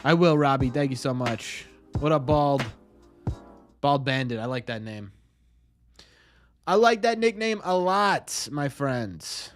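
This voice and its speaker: A man's voice: fairly high pitch, lively intonation, normal speed. A young man hosting a casual live stream, chatting and greeting viewers by name.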